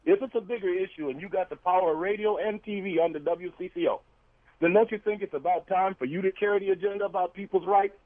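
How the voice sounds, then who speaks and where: A man with a high voice argues in a rapid, insistent stream, circling back to the same phrases. He is heard through a narrow, tinny phone line on a radio call-in. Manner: insistent, forceful, repeats key phrases. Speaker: civil rights activist, radio guest. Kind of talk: heated on-air debate.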